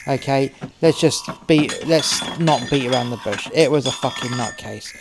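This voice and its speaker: A man's voice: medium pitch, normal speed, noisy background. A man narrating a first-person crime story, swearing freely with rambling, wry asides.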